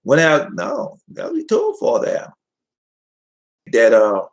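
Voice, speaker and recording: A man's voice: medium pitch, wildly swooping pitch, takes it slowly, poor audio. A man preaching in a rambling, folksy way, talking straight to his listeners and reading scripture between tangents. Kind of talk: informal livestream preaching.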